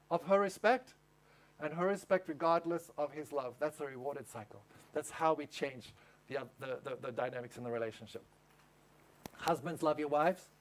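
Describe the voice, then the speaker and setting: A male pastor giving a humorous, conversational sermon at a camp meeting. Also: on the high side.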